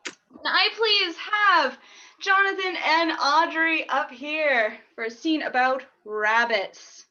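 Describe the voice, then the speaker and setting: Polite woman improviser, very high, slow, muffled audio. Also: bright, forceful tone. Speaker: improv performer. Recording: muffled lo-fi video call audio.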